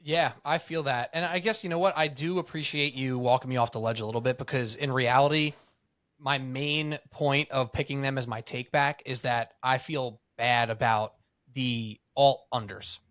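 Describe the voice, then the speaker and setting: A man with a New York accent co-hosting a sports podcast, telling stories in a lively way and acting out what people said. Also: mid-range voice, moderate pace, no room sound. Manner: animated storytelling, acts out quotes. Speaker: podcast co-host. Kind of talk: casual sports chat.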